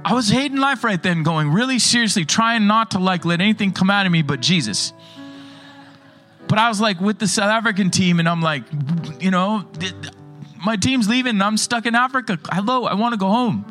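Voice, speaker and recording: A man pastor preaching a sermon, telling stories in an animated way. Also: high voice, brisk, soft background music.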